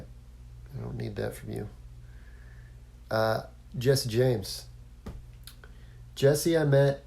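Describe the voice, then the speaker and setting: A man's voice: mid-range voice, vocal fry, darkish tone. A man hosting a casual solo podcast, rambling along with lots of fillers and restarts. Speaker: podcast host.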